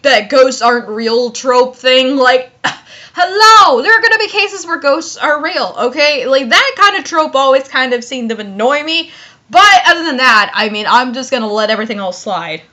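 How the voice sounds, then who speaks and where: A young woman reads fanfiction aloud in a casual, rambling style, dropping lots of fillers and giggles between lines. Her voice is high, bright, and forceful.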